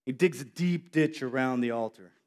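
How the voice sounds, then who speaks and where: A male preacher giving a sermon, telling a story in an animated way with acted-out voices. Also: medium pitch, normal speed.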